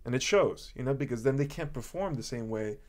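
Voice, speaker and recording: A man's voice: medium pitch, expressive, brisk. Earnest man, podcast co-host. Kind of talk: casual podcast chat.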